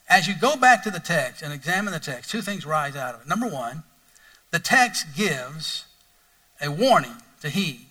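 A man preaching with a high, very bright voice that sounds set back from the microphone. He talks conversationally and animatedly, asking his listeners questions as he reads scripture and explains it. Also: recorded from a distance, rough recording. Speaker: pastor. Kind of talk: sermon.

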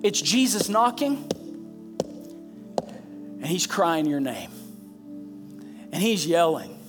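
A man's voice: on the high side, sing-song, slow pace, pauses often. A man preaching a sermon with passion, repeating phrases for emphasis and building to emphatic peaks. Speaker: pastor. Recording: preaching over background music. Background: soft instrumental music.

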